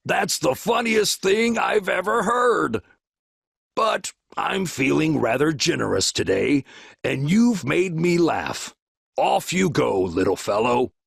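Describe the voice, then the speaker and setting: A man's voice: a little high, very animated, slow, gravelly, breathy edge, no echo, studio quality, full character voice. A man voicing a proud, regal, boastful male lion in a recorded storybook reading. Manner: roaring, boastful.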